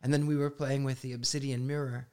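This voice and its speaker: A man's voice: mid-range voice, fast talker. A man, a psychic guest, telling stories in a casual podcast interview, laughing often and acting out what people said. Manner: animated, laughing storyteller who acts out dialogue.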